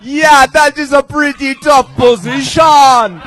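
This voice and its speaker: A man in the show's band putting on a crude, shouty fake Jamaican character. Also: very high voice, slow, soft background music, heavily acted. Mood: crude shouting. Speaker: band member.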